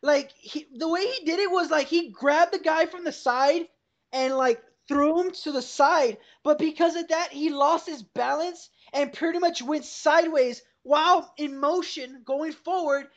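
A young woman with a high voice and measured pace hosts a podcast, casually telling a rambling story full of swearing and laughing along. She's speaking over a call through a computer mic, and the sound is dull and lo-fi.

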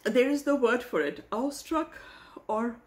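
A woman hosting a reaction video, talking in an emotional, halting way and searching for words. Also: fairly high pitch, lively intonation. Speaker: host reacting to a hymn. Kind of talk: casual reaction vlog.

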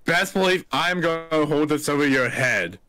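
A man's voice: on the high side, moderate pace, bright, forceful tone. A man in his twenties co-hosting a podcast, joking and bantering in casual chat. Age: 20s. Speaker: podcast co-host.

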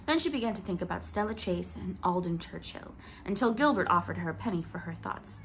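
A woman narrates a classic novel in an unhurried, gentle way. Her voice sits on the low side, and a faint hiss runs under the recording. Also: lively intonation. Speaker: audiobook reader. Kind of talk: storybook narration.

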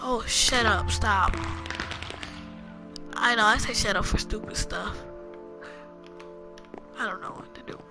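A young woman giving a rambling, casual walkthrough of a video game, talking low with a sore throat and sudden loud bursts. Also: takes it slowly, long pauses. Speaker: gamer. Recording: loud music behind voice.

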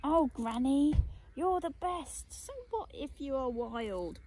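A woman's voice: high voice, sing-song, slow pace, darkish tone, voice pushed up, full character voice. A woman voicing a fretful young grandchild who narrates a storybook. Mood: fond. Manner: exclaiming, fretful.

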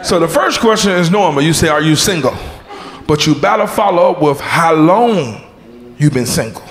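A man doing a stand-up comedy set on a club stage, loud and animated, shouting punchlines, making sound effects and calling out audience members and crew. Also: fairly high pitch, normal speed. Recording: roomy club echo with crowd noise. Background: audience laughter.

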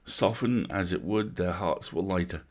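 Man, bedtime story reader, measured, atmospheric, very low voice, husky. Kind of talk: livestreamed bedtime story reading.

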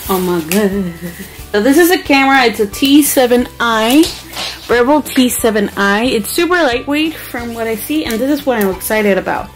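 A woman's voice: a little high, lively intonation, normal speed, soft background music. A young woman in a beauty vlog, unboxing a new camera and gushing over each item with breathless exclamations. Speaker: beauty vlogger.

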